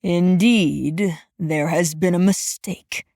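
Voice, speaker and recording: A woman narrator voicing a gruff, aging male supervisor who growls and mutters slowly in a lowered voice. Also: a little mellow, no room sound, studio quality. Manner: growling, muttering, slow and gravelly.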